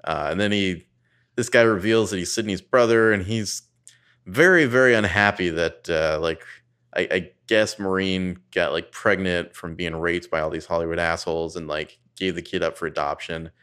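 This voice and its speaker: Man, very low voice, sardonic profane recapper, casual podcast chat. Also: steady tone, normal speed, a bit bright, clear, resonant tone.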